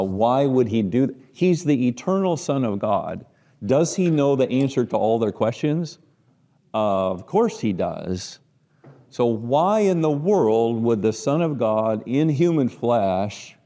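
Warm Midwestern man teaching a church class. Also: fairly low pitch, long reverb tail. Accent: Midwestern American. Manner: conversational, rhetorical questions, frequent restarts.

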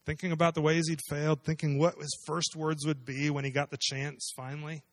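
A man preaching a conversational sermon in a voice a little higher than most men's. He walks through a scripture passage and keeps asking his listeners questions. The sound is dry, with almost no room echo. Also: level tone, fairly quick. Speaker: pastor.

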